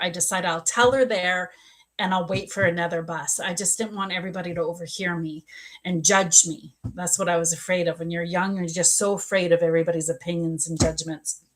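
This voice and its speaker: A woman's voice: fairly low pitch, steady tone, normal speed, a bit bright. A woman working as a psychic medium, chatting casually on a livestream, telling a personal story and acting out the dialogue. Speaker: psychic medium and spiritual coach.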